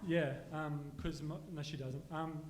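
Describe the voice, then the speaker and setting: Bloke with a high voice doing laid-back crowd banter, echoey room, noisy live sound. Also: male voice, flat delivery, a little slow. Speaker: stand-up comedian. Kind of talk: stand-up crowd work. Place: comedy venue with small audience. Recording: echoey live venue with clear noise.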